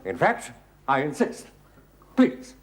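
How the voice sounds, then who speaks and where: An actor playing a smooth, genteel gentleman with a posh English accent, in a 1970s studio sitcom. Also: on the high side, huge pitch swings, takes it slowly, full character voice. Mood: suave. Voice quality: polished, suave, genteel. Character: smooth, posh, scheming male gentleman con man. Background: studio audience laughter.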